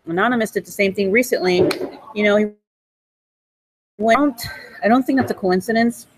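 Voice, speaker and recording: A woman in her forties, recorded in a hospital cafe, delivers a rambling, accusatory monologue, swearing and bursting into laughter. Her mid-range voice moves at normal speed against a noisy background.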